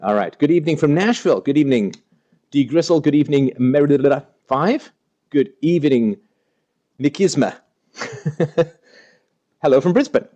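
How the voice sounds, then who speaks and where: A man hosts a live stream in a relaxed, jokey way, reading out viewer names and riffing on them. His voice is warm and mellow. The audio is slightly dull and lo-fi. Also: on the high side, measured pace, long pauses. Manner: playful, jokey, reads out chat names. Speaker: livestream host. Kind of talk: casual live-stream chat, greeting viewers.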